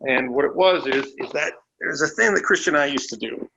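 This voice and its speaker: A man's voice: a little fast, gravelly, dull audio, slight background noise. A man guesting on a podcast, telling road stories casually from home over a call. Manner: relaxed storyteller who puts on a silly high voice. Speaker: interview guest. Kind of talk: casual storytelling.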